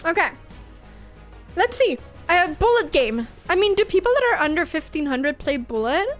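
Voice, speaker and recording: A woman's voice: very high voice, sing-song, normal speed, faint music behind. A young woman streaming chess, chatting casually and laughing often at her own guesses. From Sweden. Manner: giggly and self-mocking, laughs often. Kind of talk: casual commentary over online games.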